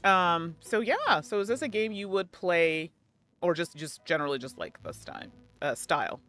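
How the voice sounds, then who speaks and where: A woman's voice: on the low side, expressive, normal speed, fairly bright tone. A woman hosting a live gameplay stream, chatting to her viewers and laughing often. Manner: chatty, giggly, talks to chat. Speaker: streamer host.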